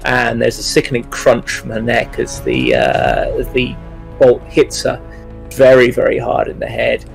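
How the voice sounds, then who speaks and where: Guy playing tabletop, gravelly voice, slow, lots of ums, music behind. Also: medium pitch. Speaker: player.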